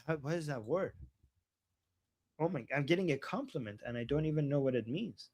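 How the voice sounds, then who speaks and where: A man hosting a casual livestream reads viewer chat aloud and reacts heatedly to clips, swearing freely as he swings between soft asides and loud outbursts. His voice is on the high side, expressive and a little fast, in a dry recording.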